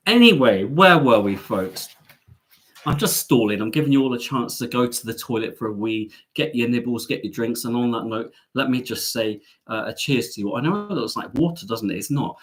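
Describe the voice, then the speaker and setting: A man's voice: medium pitch, lively intonation, normal speed, a bit bright. A man hosting a chatty live stream from home, playful and camp, teasing his audience.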